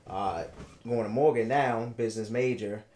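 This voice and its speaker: A man in his thirties from Baltimore, a podcast guest telling a personal story in a halting way, repeating words and acting out what people said. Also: fairly low pitch, a little mellow. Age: 30s.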